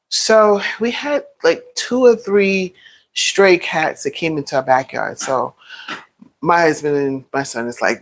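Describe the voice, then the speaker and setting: Brief: middle-aged woman vlogger, low voice, animated casual storytelling. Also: moderate pace, low-quality recording. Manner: animated storytelling with playful exclamations. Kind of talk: casual storytelling while cooking.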